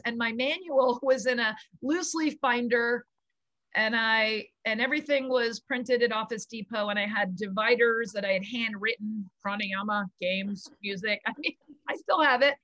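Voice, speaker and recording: A middle-aged woman, a yoga founder, tells stories in an animated, gushing way and laughs often. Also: fairly high pitch, moderate pace, dry recording, dull audio. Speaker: guest, kids yoga founder. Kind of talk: casual storytelling interview.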